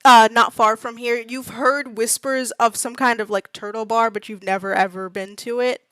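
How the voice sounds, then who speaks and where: A woman's voice: fairly high pitch, moderate pace, dry recording, low-quality recording. Chatty woman running a tabletop game. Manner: chatty, animated narration with bursts of put-on townsfolk voices. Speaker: game master.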